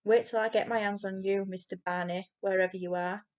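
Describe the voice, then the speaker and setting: A woman voicing a rough, threatening eldest boy who leads a gang. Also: medium pitch, steady tone, brisk, darkish tone, highs cut off, lightly acted.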